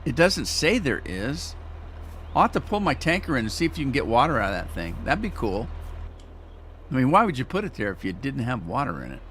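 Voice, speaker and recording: A man's voice: medium pitch, sing-song, fairly quick, a bit bright, a little hiss or hum. A man chatting casually as he plays a farming game on a live stream, rambling and teasing himself as he goes. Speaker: gaming streamer. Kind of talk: casual gameplay commentary.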